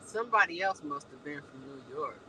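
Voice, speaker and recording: Woman, live-stream host, chatty, talks back to viewer comments, very animated pitch. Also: a little fast, slight background noise, low-quality recording. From Chicago.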